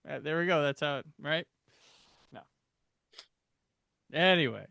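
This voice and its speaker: A man hosts a casual podcast, joking with his co-hosts and rattling off lists. His voice is bright and lively in pitch, and the recording is dry. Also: a little slow, gravelly, dry recording. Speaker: podcast host.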